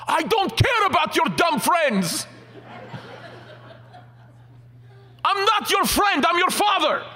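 A man voicing a stern middle-aged father who scolds his son in a raised, shouting voice. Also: sits high, huge pitch swings, measured pace, slightly rough, voice pushed up, exaggerated voice. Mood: angry scolding. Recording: long hall reverb.

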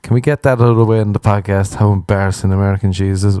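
A man's voice: on the low side, steady tone, fast, mellow, no echo, clean studio sound. A young Irish man hosting a podcast, ranting in a profane, exasperated, sarcastic comic monologue. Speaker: podcast host. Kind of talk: comedic solo podcast rant.

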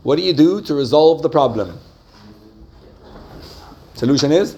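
A man teaching a class, telling a story with lively rises and soft drops and asking his listeners questions. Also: fairly high pitch, measured pace. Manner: animated storytelling, rising excitedly and dropping softly. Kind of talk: lively lecture with questions to the audience.

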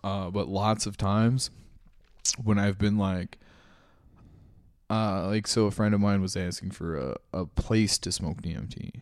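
A man's voice: low voice, darkish tone, no room sound, studio quality. A man telling wild stories in casual chat as a podcast guest, laughing often and swearing as he acts out the other people. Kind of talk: casual storytelling.

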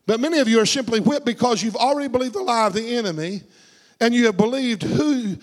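A man preaching a sermon. He calls out for amens and swings from low, hushed asides to shouted climaxes. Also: fast talker, in a large hall.

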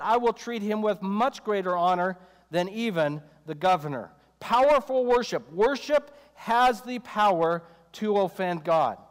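High-voiced male preacher in a reverberant hall. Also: clear, resonant tone. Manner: conversational, joking asides, acts out quoted voices. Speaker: pastor. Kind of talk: sermon.

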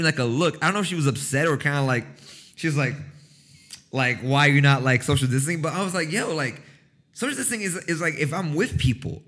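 A young man talks loosely to his stream viewers, rambling from thought to thought and swearing freely. He keeps breaking into a loud, high cackling laugh. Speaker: livestream host. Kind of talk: casual chat.

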